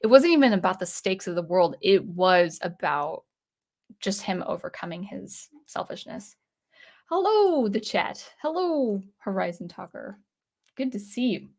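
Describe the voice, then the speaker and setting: Young woman on a livestream, chatty and rambly, reads chat out loud, lots of ums and restarts. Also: medium pitch, sing-song, measured pace. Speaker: livestream host. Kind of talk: casual livestream chat reading comments.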